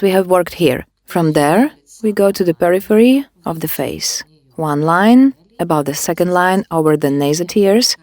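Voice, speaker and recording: A woman demonstrating a facial care technique, giving calm step-by-step instructions. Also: lowish voice, no room sound. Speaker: beauty device instructor.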